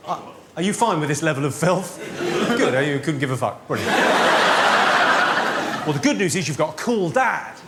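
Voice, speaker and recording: A man doing stand-up comedy on stage, firing off deadpan one-liners and teasing audience members in a large theatre. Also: a little high. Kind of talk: stand-up comedy roast with crowd work. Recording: loud laughing crowd, live noise.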